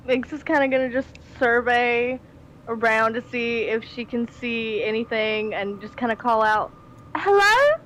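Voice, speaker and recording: A woman's voice: fairly high pitch, little pitch movement, moderate pace, fairly bright tone, slight background noise, rough recording. A woman playing a tabletop game character on voice chat, plaintive and anxious in character. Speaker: player.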